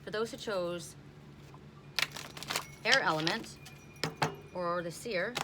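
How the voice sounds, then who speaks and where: A woman's voice: lowish voice, slow, heavy background noise. A middle-aged woman doing an oracle card reading outdoors, blunt and indignant in her asides. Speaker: tarot and oracle card reader.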